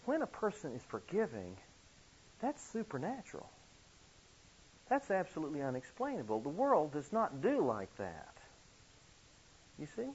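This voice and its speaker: A man preaching a sermon, telling a story earnestly, with sudden emphatic rises in pitch. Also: huge pitch swings, moderate pace, pauses often, a little mellow, slightly rough. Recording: dull lo-fi recording.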